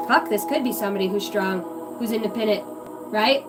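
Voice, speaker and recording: A woman's voice: mid-range voice, brisk, distant mic, music in the background. A woman giving a rambling, profane channeled reading to her viewers, free-associating and giggling at herself. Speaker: psychic reader on a livestream.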